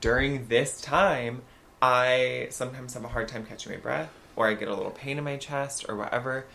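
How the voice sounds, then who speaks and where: A man with a gravelly, bright and edgy voice chats as a podcast co-host. He tells stories in an animated, gossipy way and breaks into loud outbursts now and then. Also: mid-range voice, normal speed, slight background noise. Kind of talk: casual chat.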